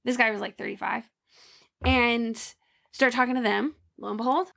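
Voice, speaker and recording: Young woman podcast co-host, high voice, chatty animated storyteller. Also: moderate pace, creaky. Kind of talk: casual chat, storytelling.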